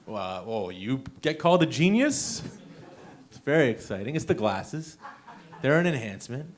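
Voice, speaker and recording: A man's voice: mid-range voice, sing-song, normal speed. A young adult man doing an open mic stand-up set, chatty and self-mocking, laughing at his own jokes. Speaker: stand-up comedian. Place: small comedy venue.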